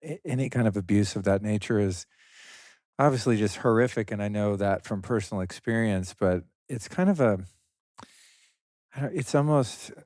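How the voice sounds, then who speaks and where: A man's voice: lowish voice, normal speed, no room sound, clean studio sound. Thoughtful man hosting a podcast. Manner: thoughtful, rambling with fillers, gentle laughs. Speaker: podcast host. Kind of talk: interview conversation.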